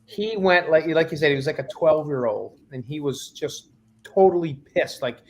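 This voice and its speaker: A man's voice: fairly high pitch, moderate pace. A man casually remembering an old story with friends, unsure of some details and trailing off now and then. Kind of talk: casual reminiscing among friends.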